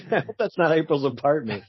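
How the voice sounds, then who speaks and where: A man's voice: fairly high pitch, sing-song, moderate pace, husky, dry recording, muffled recording. A man co-hosting a casual comic book review show, joking and chuckling as he comments on the story. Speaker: podcast co-host.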